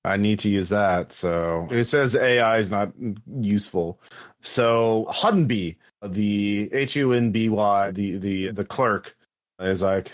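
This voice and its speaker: A man's voice: fairly low pitch, slow pace. A man running a tabletop game as game master, talking in a loose, casual way. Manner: casual, loose, filler-heavy.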